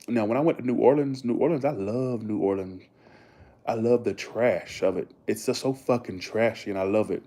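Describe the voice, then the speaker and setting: A man's voice: mid-range voice, warm tone. Rambling young man with a drawl. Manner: rambling, enthusiastic, swears freely. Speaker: vlogger talking to viewers. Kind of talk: casual chat.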